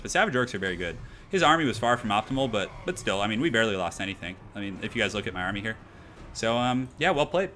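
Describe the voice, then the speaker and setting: A young man streaming a strategy game, giving excitable, slangy live commentary and talking straight to his chat. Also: on the low side, a little hiss or hum.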